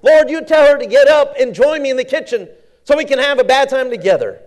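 A man's voice: extremely high pitch, lively intonation, fairly quick, pitched above the performer's own voice. Man putting on a whiny, indignant Martha. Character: frustrated complaining woman, Martha.

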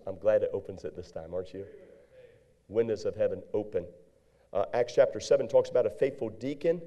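A middle-aged male preacher telling a story in a sermon, animated, with sudden high outbursts.

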